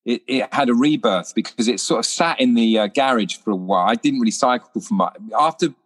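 Animated actor, casual guest, spins anecdotes with acted-out voices. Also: male voice, medium pitch, fairly quick. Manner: lively storyteller, acts out voices.

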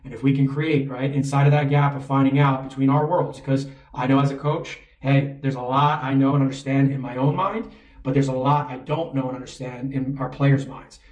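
A man's voice: medium pitch, fairly even intonation, fairly quick, a little mellow. A man coaching in a conversational way, often checking in with "right?". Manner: conversational, keeps asking "right?". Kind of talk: spoken coaching talk. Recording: roomy echo, mic at a distance.

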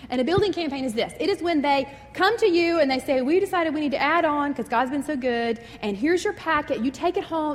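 A woman preaches in an animated storytelling way. Her voice sits high and bright in pitch. A long hall reverb trails each phrase. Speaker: speaker giving a devotional talk. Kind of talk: sermon with personal storytelling.

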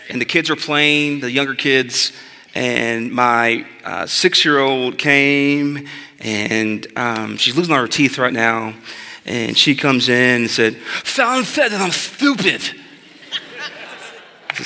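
A man's voice: mid-range voice, creaky, sharp tone. A man in his thirties preaching a sermon as pastor, mixing scripture with funny, conversational stories about his kids. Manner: conversational, humorous storytelling. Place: church sanctuary. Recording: long hall reverb.

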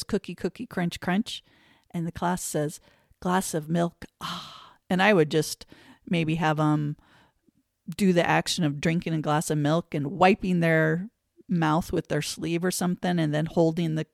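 Playful woman with a gravelly, low voice. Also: no echo, clean studio sound. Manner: playful, demonstrates chants in a sing-song voice. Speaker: teacher trainer, podcast host. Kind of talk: teaching tips for teachers.

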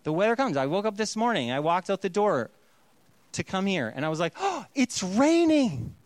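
Man, pastor, sermon, high voice, playful and conversational, dry close sound. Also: animated, brisk, clear, resonant tone, dry recording.

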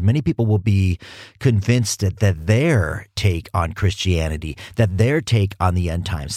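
A man's voice: fairly low pitch, darkish tone, no room sound, studio quality. Emphatic, self-mocking male podcast host. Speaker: podcast host and Bible teacher. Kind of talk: casual podcast teaching.

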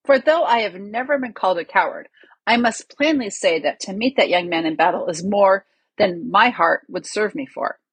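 A woman's voice: medium pitch, animated, normal speed, breathy edge, no echo. A woman reading the part of a resentful, scheming male lord with a sly, grumbling manner. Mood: careful.

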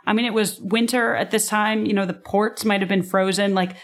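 A woman in casual podcast chat, explaining history in an animated way and laughing often. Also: mid-range voice, a little fast.

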